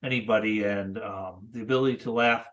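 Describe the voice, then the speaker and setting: A man in his sixties, a cartoonist guest, chatting casually in a thoughtful, halting way with many restarts. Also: on the low side, steady tone, a bit bright. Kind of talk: casual interview chat.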